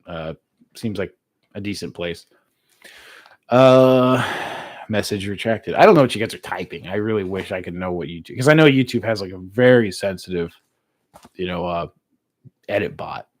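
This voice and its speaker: An American man casually chatting with his live-stream viewers, relaxed and laughing easily, with plenty of filler words. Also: low-pitched, normal speed, pauses often, no echo. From United States. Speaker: streamer reading live chat.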